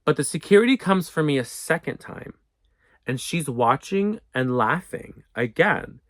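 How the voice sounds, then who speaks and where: Animated young man telling a storytime. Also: a little high, a little slow, no echo. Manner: animated, profane, acts out quotes. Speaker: storyteller vlogger. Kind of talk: casual storytime monologue.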